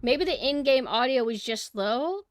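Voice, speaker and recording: A woman streaming a game and chatting casually with her viewers, swinging between quiet murmurs and loud exclamations. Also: high voice, animated, unhurried, faint music behind. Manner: chatty, talks to chat directly. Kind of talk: casual gameplay livestream chat.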